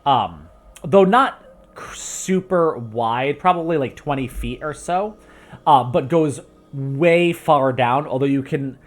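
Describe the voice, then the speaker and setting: A man's voice: medium pitch, takes it slowly, faint music behind. A man narrating a tabletop game as game master, rambling with many fillers and restarts, into a home microphone with a pop filter.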